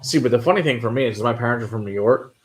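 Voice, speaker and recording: Man, Texan accent, easygoing, joking, swears casually, mid-pitched voice. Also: racing. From Texas. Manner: laid-back, joking, swears freely. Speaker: whiskey show co-host. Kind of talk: casual chat.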